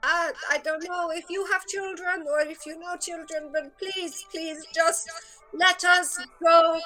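A woman's voice: extremely high pitch, fairly even intonation, unhurried, sharp tone, faint music behind, pitched above the performer's own voice, full character voice, poor audio. Woman playing a stammering timid boy. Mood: pleading. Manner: stammering, begging. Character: timid young boy pleading for his friend.

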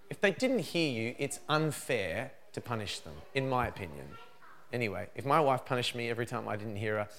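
A man's voice: medium pitch, slight background noise. A man giving a parenting seminar to a live audience, acting out what parents and children say. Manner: animated, acts out parent and child lines. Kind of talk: seminar talk with acted examples.

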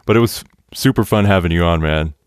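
A young man with a very deep voice hosts a casual podcast chat, talking excitedly and laughing often as he trips over fillers. The sound is dry and close, with no room around it. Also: fairly quick, clean tone, dry recording. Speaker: podcast host.

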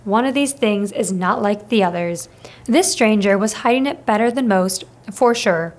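A woman's voice: mid-range voice, normal speed. Woman reading a children's novel aloud. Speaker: audiobook reader. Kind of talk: scripted storybook narration.

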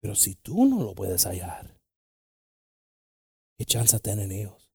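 A male preacher with a gravelly, somewhat husky voice, delivering a sermon that swings between Spanish and English. His pitch leaps wildly as he goes from hushed whispers up to near-shouts, with a bright, forceful edge. The sound is dry and close. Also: wildly swooping pitch, unhurried, no room sound. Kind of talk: bilingual sermon.

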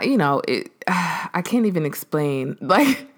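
A woman hosting a podcast, telling a story in a casual, animated way, acting out the voices of the people in it and using lots of fillers. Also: sits low, slow. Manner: animated, acts out quoted voices, frequent fillers. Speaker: podcast host.

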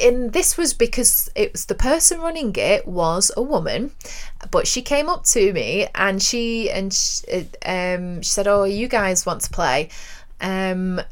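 A woman co-hosting a radio show, chatting casually and telling frank, self-mocking stories. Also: mid-range voice. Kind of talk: casual chat.

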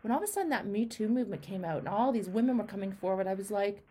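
A woman hosting an interview, speaking with impassioned, repetitive emphasis that swings between loud outbursts and hushed words. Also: medium pitch, lively intonation, racing, slightly rough. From Canada. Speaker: host. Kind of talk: emotional interview conversation.

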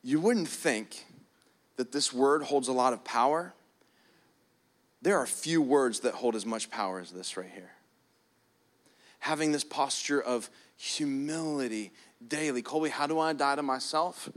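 A man preaching a sermon, shifting between quiet prayerful passages and loud emphatic stretches. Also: mid-range voice, unhurried, long pauses. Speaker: pastor.

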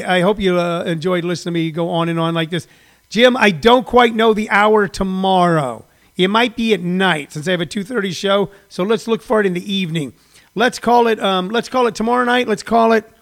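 A man in his sixties, a comedian hosting a daily livestream, rambling through stories with many fillers and restarts. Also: high voice. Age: 60s. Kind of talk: casual rambling monologue.

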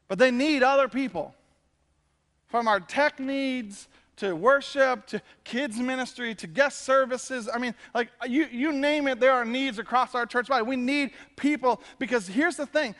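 A man, a pastor, giving a conversational and animated sermon to his congregation. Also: extremely high pitch, big-room sound. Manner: conversational, animated preaching with quick asides. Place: church sanctuary.

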